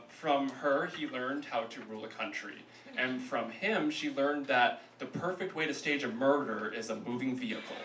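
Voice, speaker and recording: Man hosting a comedy roast. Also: fairly high pitch. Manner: quick jokes, introducing acts. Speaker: roast host. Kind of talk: live comedy emcee. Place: comedy club stage with audience. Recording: echoey club, crowd, from far off.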